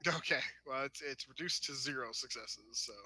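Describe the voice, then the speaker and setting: A man's voice: medium pitch, normal speed, a crowd in the background. A man playing in a tabletop game, trading dry, joking quips. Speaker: player. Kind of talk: casual tabletop play.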